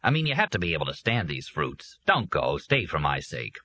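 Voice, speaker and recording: A man's voice: rumbling low, huge pitch swings, fairly quick, bright, forceful tone, exaggerated voice. A man voicing an anxious, irritable drunk boss in a storybook reading, stuttering and grumbling.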